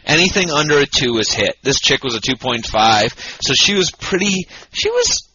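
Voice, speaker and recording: A drunk man co-hosting a podcast, rambling loudly and swearing constantly in casual banter. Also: medium pitch, normal speed, husky, muffled recording. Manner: profane, rambling, loud and excitable. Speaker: podcast co-host. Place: home podcast setup, Michigan.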